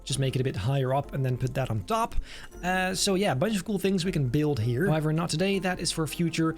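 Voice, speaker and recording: A man's voice: a little high, animated, fast talker, soft background music. A man giving casual, enthusiastic gameplay commentary, chatting and thinking aloud as he builds. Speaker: game video creator.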